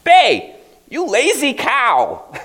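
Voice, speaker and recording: Fairy-tale mother, sick and nagging, shrill and loud, put on by a man. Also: expressive, moderate pace, natural voice. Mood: exasperated. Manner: shrill, calling out loudly. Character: nagging sick mother calling her son.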